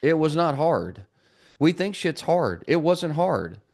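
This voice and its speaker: A man's voice: a little high, takes it slowly, gravelly. A man in his forties, a trades business coach, telling stories in a podcast interview and acting out the dialogue. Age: 40s. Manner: animated, acts out dialogue in quoted voices.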